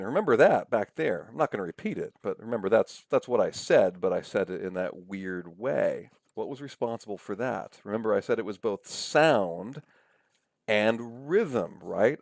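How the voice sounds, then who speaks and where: Lecturer: man, low raspy voice, patient and explanatory. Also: a little mellow, dry recording, clean studio sound. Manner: explanatory, reads examples slowly. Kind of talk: recorded lecture.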